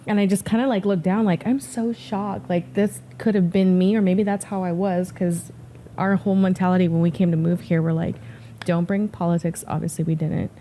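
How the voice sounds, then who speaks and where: A woman's voice: medium pitch, steady tone, brisk, warm tone, a little hiss or hum. A woman in her forties, a hairstylist guest, telling stories in casual podcast chat and swearing freely. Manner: chatty, swears casually, storytelling.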